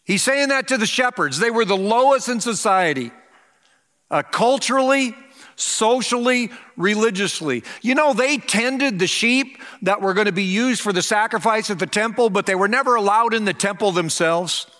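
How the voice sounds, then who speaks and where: An older man, a pastor, preaching a Christmas sermon in a church, earnest and slowing down to stress key phrases. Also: high voice, animated, bright, forceful tone, in a large hall. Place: church sanctuary.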